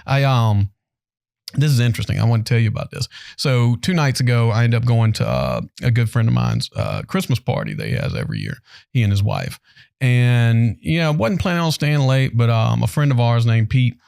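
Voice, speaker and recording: A man's voice: mid-range voice, brisk, creaky, dry recording, studio quality. A man, co-hosting a podcast in casual chat and animatedly acting out the people in his stories. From North Carolina, US. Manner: animated storyteller who acts out quotes. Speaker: podcast co-host.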